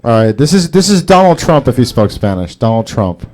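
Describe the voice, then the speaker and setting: Profane, rambling stand-up comedian. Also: male voice, mid-range voice, sing-song, a little fast, darkish tone. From Salvadoran and Brazilian heritage. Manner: profane, rambling, self-mocking crowd work. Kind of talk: stand-up set at an open mic. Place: small garage.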